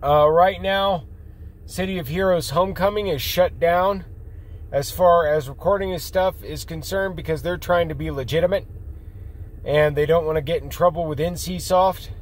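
A man rambling casually in a video blog, reassuring his viewers in a folksy, drawn-out way. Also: on the high side. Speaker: vlogger.

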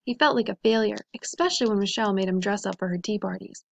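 A woman teacher reading a picture book aloud to children in a gentle, expressive storytelling voice. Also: mid-range voice, quick pace, creaky, no room sound.

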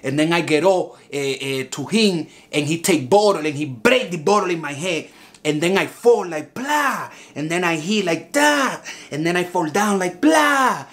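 An actor playing an angry, boastful heckler who speaks broken English and rambles, bursting into shouts. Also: male voice, fairly high pitch, expressive, normal speed, natural voice. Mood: indignant. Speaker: heckler filing a lawsuit.

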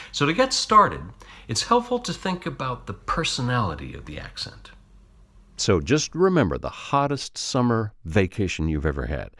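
Low, lively Southern acting coach. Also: male voice, dry recording. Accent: Alabama Southern US. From Southern United States. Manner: friendly teaching, exaggerated drawled example sentences. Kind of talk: accent tutorial.

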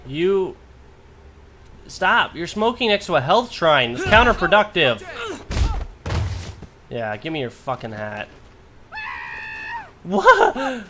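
A man's voice: high-pitched, background noise. A man hosting a let's play, giving joking, sarcastic commentary while swearing casually. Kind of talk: gameplay commentary. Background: game music.

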